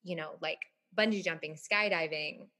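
A woman's voice: deep voice, moderate pace. A woman telling a personal story in casual conversation, with many fillers, acting out what others said. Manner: fillers, quotes others in lively voices.

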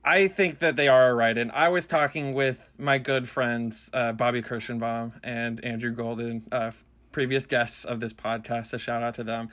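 A man's voice: medium pitch, steady tone, moderate pace, a bit bright. A man co-hosting a sports podcast, chatting casually and teasing his co-host.

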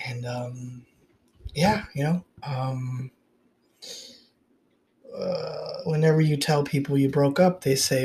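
A man's voice: mid-range voice, slow, pauses often, a little mellow, slightly rough. A man hosting a casual solo podcast, talking in a rambling, confessional way and swearing often, recorded on a phone. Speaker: podcast host. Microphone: iPhone recording.

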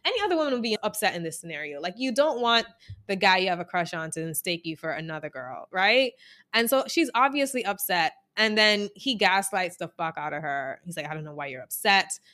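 A woman's voice: medium pitch, a little fast. A woman co-hosting a podcast, recapping casually and expressively, swearing and acting out what people said. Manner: expressive storyteller, acts out voices, swears. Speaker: podcast co-host. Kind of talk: casual chat.

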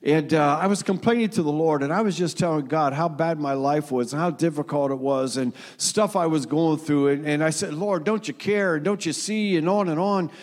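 A man in his sixties, a pastor, preaching a sermon in a church, telling stories earnestly and slowing down to quote scripture. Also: on the high side, darkish tone. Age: 60s.

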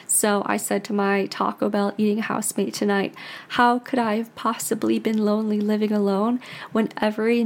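An American woman in her twenties, a podcast host, talking in a rambling, confessional way with many "like"s and restarts. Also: medium pitch. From United States. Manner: chatty, rambling, heavy use of "like", frequent restarts. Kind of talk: casual confessional monologue.

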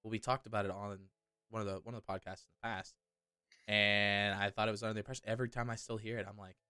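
A man's voice: fairly low pitch, little pitch movement, fast, pushed and bright, clear, resonant tone, no room sound, clean studio sound. A young man co-hosting a podcast, laid-back and teasing in casual chat. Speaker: podcast co-host.

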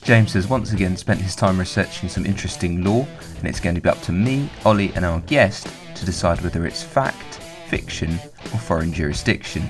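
Deep-voiced man over guitar music. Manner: measured, formal. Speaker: podcast host. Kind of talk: scripted show introduction.

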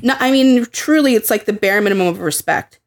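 A woman's voice: mid-range voice, a little fast. A young woman co-hosting a casual podcast chat, heated and swearing freely as she acts out quotes. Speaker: podcast co-host.

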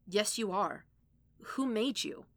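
A woman's voice: mid-range voice, slow, no echo. A woman playing a firm, relentless female scientist. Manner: firm, clipped, matter-of-fact.

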